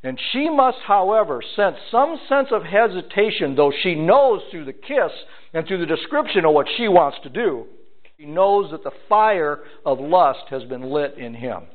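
A man preaching a sermon and explaining scripture with lively rhetorical questions to his listeners. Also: sits high, normal speed. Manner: animated, rhetorical questions to the congregation. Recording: tinny phone-like sound.

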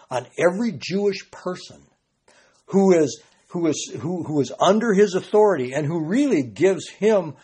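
A man's voice: fairly high pitch, a little mellow, slightly rough. A man preaching a sermon, earnest and often rising to emphatic bursts, sometimes repeating words.

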